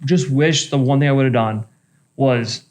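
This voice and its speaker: A man, a bartender, telling a bar story in casual chat, profane and animated. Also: medium pitch, normal speed. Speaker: bartender and podcast co-host.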